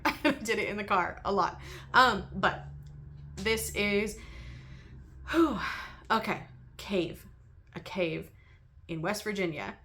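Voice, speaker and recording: A woman's voice: medium pitch, measured pace, pauses often, sharp tone, slight background noise. Chatty, giggly woman. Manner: chatty and giggly, laughs often between thoughts; rambling with frequent ums and restarts. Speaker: book reviewer and channel host. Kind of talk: casual chat.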